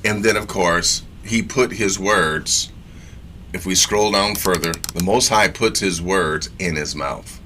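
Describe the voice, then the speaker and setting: A man with a bright, forceful voice gives a casual sermon, reading scripture aloud and stopping to comment. He talks in slangy asides and repeats phrases for emphasis. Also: deep voice, takes it slowly, slight background noise. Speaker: teacher of scripture.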